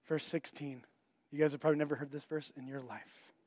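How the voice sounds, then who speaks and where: A man's voice: a little high, a little fast, dry recording. A man preaching a sermon, telling a story and acting out the voices of the people in it. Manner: animated, acts out quoted voices. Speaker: pastor.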